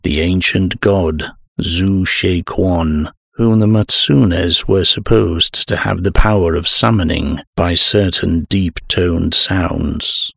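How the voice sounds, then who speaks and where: A man narrating a horror audiobook in a measured, dramatic first-person telling. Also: low voice, steady tone, creaky, fairly bright tone, slightly rough, no room sound, clean studio sound.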